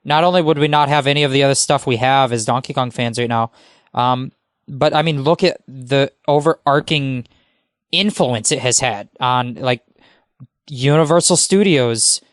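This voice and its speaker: A man is a guest on a podcast, talking at a middle pitch. His voice is smooth and crisp, and it sounds close and dry. He rambles eagerly and fills his speech with "you know" and "like.". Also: moderate pace, no room sound. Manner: enthusiastic, rambling, many fillers. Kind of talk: casual podcast chat.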